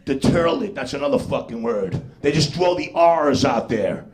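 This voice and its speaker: A man's voice: medium pitch, lively intonation, moderate pace, a little mellow. A male stand-up comedian with a New York accent, brash and profane, delivering a punchy club set. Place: comedy club stage, live audience.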